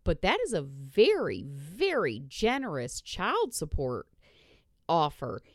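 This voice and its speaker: A woman's voice: sits low, wildly swooping pitch, slow pace, no echo, studio quality. A woman hosting a podcast, ranting bluntly and swearing in casual chat. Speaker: podcast host.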